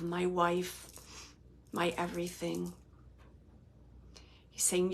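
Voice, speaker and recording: A woman working as a psychic medium and host, giving live readings in a loose, halting way full of "like" and "um," and relaying messages from spirits in the first person. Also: lowish voice, vocal fry, slight background noise.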